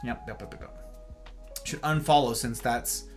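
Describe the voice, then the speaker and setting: A middle-aged man hosting a live stream, chatting casually and playfully with his viewers and often trailing off into quiet asides. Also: mid-range voice, unhurried, soft background music.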